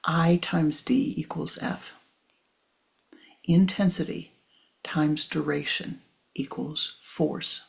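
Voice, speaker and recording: Older woman, spiritual teacher, low voice, gravelly, soft half-whispered delivery, repetitive emphasis. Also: fairly even intonation, slow pace, pauses often.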